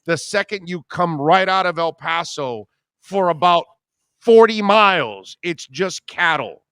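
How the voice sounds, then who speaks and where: A middle-aged man hosting a radio show, telling a long story in casual chat, rambling and animated with many restarts. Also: high-pitched, a little slow, clean tone, no room sound, clean studio sound.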